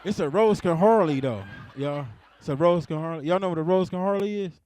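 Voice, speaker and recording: A man's voice: fairly high pitch, normal speed, a little mellow, slight background noise. A young adult man performing stand-up comedy. He talks in a laid-back way and keeps laughing at his own jokes.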